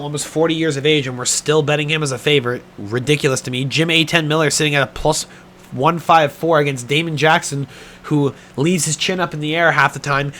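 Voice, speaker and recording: A tired man with a fairly high voice rants bluntly about fight bets, swearing freely and sounding exasperated. He yawns his way through, drowsy from a sore throat. A faint hiss sits behind him. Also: fairly bright tone. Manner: blunt, profane, exasperated ranting. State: tired and yawning from strep throat. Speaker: sports betting commentator. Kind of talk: casual betting talk.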